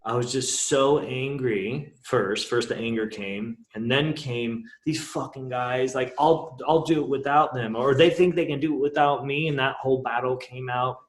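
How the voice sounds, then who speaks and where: A man's voice: medium pitch, fairly even intonation, normal speed, few pauses. Guy on a podcast telling his story real candid, swears a lot, mid voice, echoey room. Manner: frank and emotional, swears casually, restarts sentences. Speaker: entrepreneur guest on a podcast. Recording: roomy echo.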